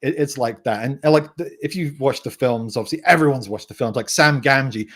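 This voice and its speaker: A man's voice: medium pitch, a little fast, few pauses, fairly bright tone. A man from the West Country with a light West Country English accent, chatting casually as a guest game designer into a desk microphone, rambling with stammered restarts. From West Country, England. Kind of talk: casual podcast chat.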